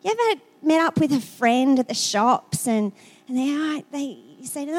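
A high-pitched middle-aged woman with an Australian accent delivers a sermon. She talks the way she would chat to friends, telling stories and sometimes repeating words as she thinks. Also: expressive, normal speed. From South Australia. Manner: conversational, storytelling, repeats words. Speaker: preacher.

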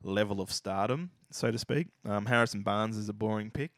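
A man co-hosting a casual sports podcast, swearing freely and rambling excitedly about players. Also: fairly low pitch, fairly quick, dry recording, studio quality. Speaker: podcast co-host.

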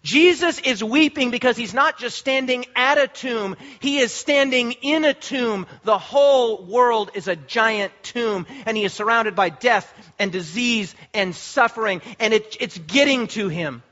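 A man preaching a sermon, impassioned and emphatic, slowing down and repeating phrases for weight. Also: very high voice, bright, forceful tone, highs cut off. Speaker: pastor.

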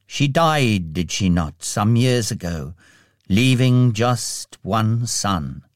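Man doing gentle probing spirit, measured, dry close sound. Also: on the low side, expressive, no echo. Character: gentle male ghost, calm and probing.

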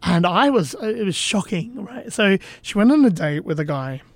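A man's voice: sits high, very animated, normal speed, no echo. A man co-hosting a casual dating podcast, telling stories animatedly and swearing with a laugh. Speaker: podcast co-host, dating coach.

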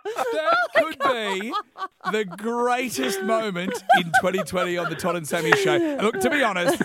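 A man's voice: high-pitched, big pitch swings, brisk, very noisy. A man hosting a drive-time radio show, bantering and joking. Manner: jokey, fond of doing impressions. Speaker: radio host.

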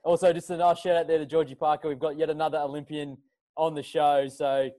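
Aussie host, slightly higher voice, matey and jokey, lots of mate. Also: male voice, level tone, fast, warm tone. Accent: Australian. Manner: jokey, matey interviewer who laughs often. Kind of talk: casual chat.

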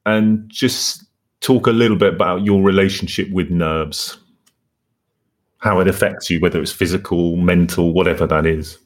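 Male host, low pitch, attentive interviewer with soft backchannels. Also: steady tone, normal speed. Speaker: podcast host. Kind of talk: interview questions.

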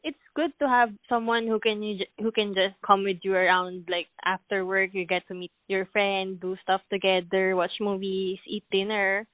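A woman's voice: medium pitch, steady tone, moderate pace, few pauses, no room sound. A woman answering interview questions casually and hesitantly, often repeating words. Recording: tinny phone-like line, dry.

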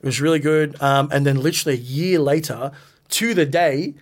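A man with a fairly high-pitched voice tells his stories in a relaxed, chatty interview. He gets animated and raises his voice when he acts out what people said. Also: a little fast. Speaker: professional wrestler guest. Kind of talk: casual storytelling in a podcast interview.

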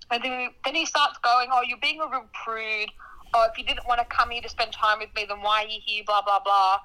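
Young woman, high and bright, animated dramatic storyteller in casual chat. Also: a little fast, poor audio. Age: young adult. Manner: animated, dramatic storytelling with laughter and acted-out quotes.

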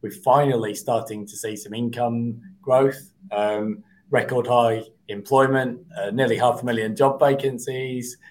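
Man with a slightly croaky cold voice. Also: mid-range voice, a little mellow, rough recording. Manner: measured, explanatory, lists data points. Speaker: guest property expert. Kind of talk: casual interview talk.

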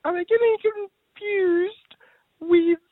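A man's voice: extremely high pitch, steady tone, takes it slowly, slight background noise. A man putting on a woman's voice as a giggly prank caller, hesitant and full of ums over a phone line. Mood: teasing. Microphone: phone call.

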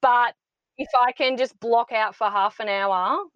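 A woman's voice: fairly high pitch, measured pace, clean tone, dry recording, highs cut off. Passionate woman guest with dry sound. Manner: passionate, emphatic, rallying. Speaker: podcast guest, founder of a mothers' support club. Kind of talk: heartfelt interview talk.

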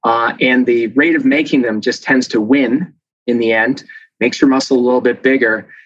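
A man who is a professor, explaining things as a guest in a casual interview with a lively, chatty manner and many fillers. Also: medium pitch, moderate pace, no echo. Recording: dull dry lo-fi sound.

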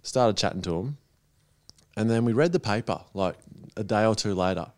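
A man's voice: fairly low pitch, expressive, normal speed, a little mellow, no echo, clean studio sound. An Australian man, a guest in a casual chat, telling stories with chuckles. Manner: storytelling, chuckling, mimics others. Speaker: guest footballer.

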